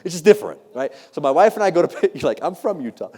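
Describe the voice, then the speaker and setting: Lively man speaking in a hall. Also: on the high side, quick pace. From United States. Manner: animated, jokey, acts out quoted voices. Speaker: keynote speaker. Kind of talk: motivational keynote storytelling. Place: large hall before a live audience. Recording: long hall reverb.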